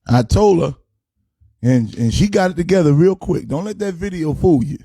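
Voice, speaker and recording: A man rants about basketball as if from the pulpit. He is boastful and playful, and he slides into sing-song preacher cadences. His voice sits a little high yet sounds warm and mellow, recorded dry and close. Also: expressive, moderate pace, slightly rough, no echo. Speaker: pastor. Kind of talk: comic sermon-style sports rant.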